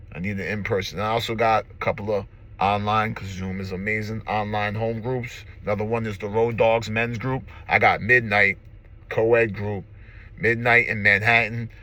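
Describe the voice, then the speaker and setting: A man in his forties, a recovery vlogger, tells his recovery story to the camera from inside a car, emotional and near tears. His mid-range voice is pushed and bright, and he speaks earnestly and emphatically, repeating slogans.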